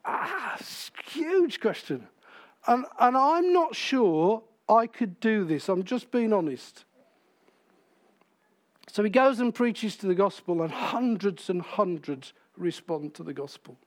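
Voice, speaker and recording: A man's voice: high-pitched, very animated, unhurried. A man preaching a sermon in church, in a conversational way, asking the congregation questions.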